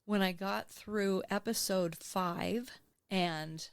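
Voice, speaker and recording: A woman in her sixties, a podcast guest, telling her own story in a candid, emotional, animated way and acting out what she said back then. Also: mid-range voice, takes it slowly, smooth, dry recording. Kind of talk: candid interview conversation. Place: podcast studio.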